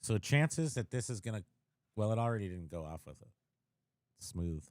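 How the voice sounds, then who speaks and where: A man's voice: fairly low pitch, animated, normal speed, a little mellow, no room sound, clean studio sound. A man hosting a casual livestream podcast, joking and rambling while he fusses with his gear. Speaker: podcast host.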